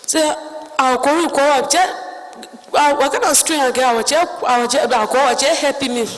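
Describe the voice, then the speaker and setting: A woman with a Liberian English accent giving spoken testimony in halting, broken phrases, acting out other people's words as she goes. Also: sits high, big-room sound, low-quality recording.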